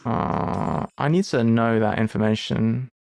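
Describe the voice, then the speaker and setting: A man's voice: mid-range voice, measured pace, darkish tone, no echo, studio quality. A man giving live commentary while he plays a game, chatty and thinking aloud, with playful asides. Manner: playful asides and mock lectures. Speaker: game streamer.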